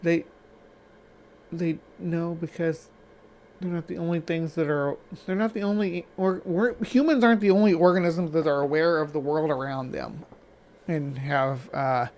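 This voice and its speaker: Skeptical male streamer with a slightly high voice, argumentative and halting. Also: fairly even intonation, a little mellow, a little hiss or hum. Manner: argumentative, halting with many restarts and fillers. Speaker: stream host reacting to a video. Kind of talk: live-stream reaction commentary.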